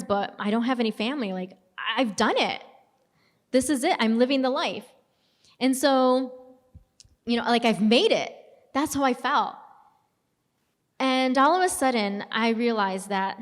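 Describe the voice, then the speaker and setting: A young adult woman telling her own story as a personal testimony, casual and storytelling, with self-deprecating humor. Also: fairly high pitch. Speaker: speaker giving a testimony. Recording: long hall reverb.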